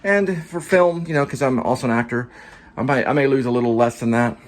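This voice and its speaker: A man's voice: mid-range voice, level tone, fast talker. A man, an actor and vlogger, chatting in a rambling, casual way and drifting from one topic to the next. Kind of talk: casual vlog chat.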